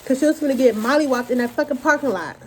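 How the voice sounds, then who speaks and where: A woman's voice: sits high, fast talker, a little mellow, a little hiss or hum. A woman vlogger talking while she eats, in a blunt, profane, casual rant. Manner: talks while eating.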